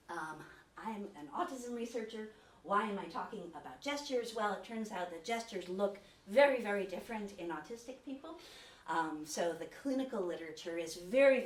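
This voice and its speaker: A woman's voice: fairly low pitch, a little hiss or hum. Woman lecturing from across a roomy hall. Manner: conversational, with fillers and self-corrections. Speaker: autism researcher giving a talk. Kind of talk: academic lecture. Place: lecture room, hybrid session with remote viewers. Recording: roomy, distant lecture-hall sound with faint ambience.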